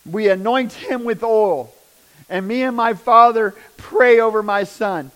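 A middle-aged man telling a personal testimony as a father, his telling raw and intense and swinging from hushed to loud. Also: high-pitched, measured pace. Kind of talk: emotional personal testimony storytelling.

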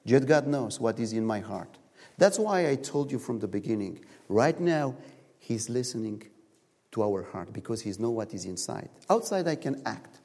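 A man preaching a sermon in a church, telling stories in animated, non-native English, recorded in a reverberant hall. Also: mid-range voice, normal speed. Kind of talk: sermon with storytelling.

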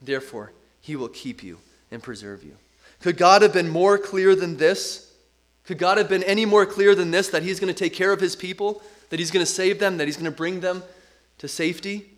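A man's voice: high-pitched, normal speed. A middle-aged man preaching a sermon as pastor, earnest and emphatic, leaning on repetition.

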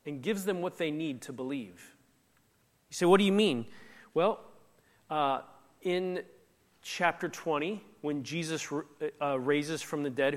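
A man with a fairly high voice preaches a sermon, talking in a conversational, emphatic way and acting out the lines he quotes. A long hall reverb trails after his words. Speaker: pastor.

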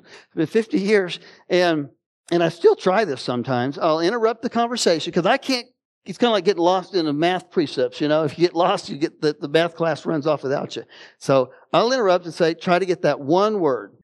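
A middle-aged pastor delivers a sermon in a church, his fairly high voice carrying a personal story. He talks animatedly, climbing into loud exclamations, then sinking low and quiet. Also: lively intonation, a little fast. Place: church sanctuary.

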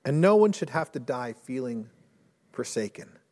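A male pastor preaching a sermon in earnest, rising to intense storytelling and dropping low and soft. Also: very animated, normal speed. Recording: long hall reverb.

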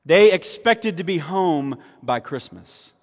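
A man's voice: a little high, lively intonation, slow pace. A male pastor giving a sermon, emphatic and repeating key phrases for weight. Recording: long hall reverb.

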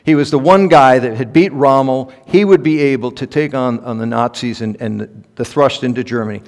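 A man preaching in a mid-pitched voice, chatty and halting as he tells personal stories. His delivery climbs to emphatic, raised peaks. The sound carries the long reverb of a big conference hall. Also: darkish tone. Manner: conversational, halting with ums, rising to emphatic peaks. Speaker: pastor.

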